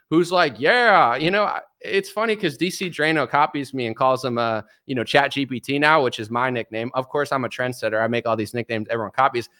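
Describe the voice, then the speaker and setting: A man's voice: a little high, pushed and bright. A man in his thirties hosting political commentary in a combative, mocking rant, full of sarcasm. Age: 30s.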